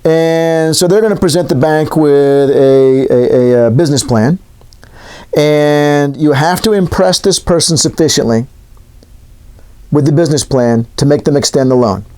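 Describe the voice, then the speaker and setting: A man's voice: fairly high pitch, unhurried, dark tone, smooth. A man teaching in a casual, joking lecture style, wandering into asides. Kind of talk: classroom lecture.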